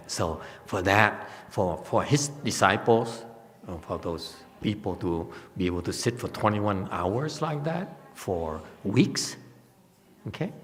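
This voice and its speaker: A male Buddhist teacher tells stories in an unhurried, halting way, pausing on fillers and laughing often. His speech is slow. The sound carries a long hall reverb. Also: deep voice. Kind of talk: dharma talk. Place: monastery hall.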